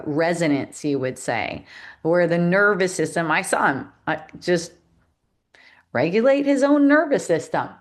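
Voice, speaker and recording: A middle-aged woman teaching in a reflective spiritual talk, laughing often and acting out the voices she quotes. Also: low voice.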